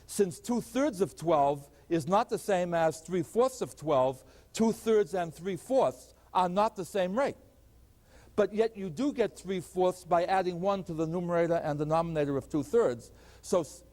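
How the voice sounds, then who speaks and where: A man's voice: high-pitched, a little mellow. A man teaching a math lecture, explaining step by step and posing rhetorical questions to the class. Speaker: mathematics lecturer. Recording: long hall reverb.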